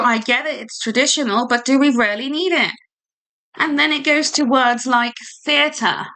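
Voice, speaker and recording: With a British English accent, this UK livestream host chats and rambles casually, giggling and leaning on lots of fillers. She speaks at a moderate pace in a fairly high voice with a bright, forceful tone.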